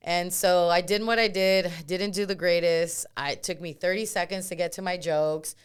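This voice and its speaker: A woman's voice: on the low side, normal speed, clear, resonant tone. A young woman from California, a comedian, telling a story in casual chat, swearing a lot, laughing often and acting out what people said. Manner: animated, profane, laughs often, acts out quotes. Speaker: comedian and podcast guest.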